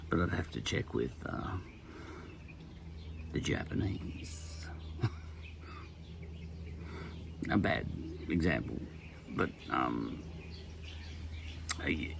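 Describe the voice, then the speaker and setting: A man's voice: extremely low pitch, expressive, very slow, gravelly, pauses often, background noise. An Australian man in his sixties, talking casually in a rambling podcast monologue, full of wry asides and chuckles. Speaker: podcast host.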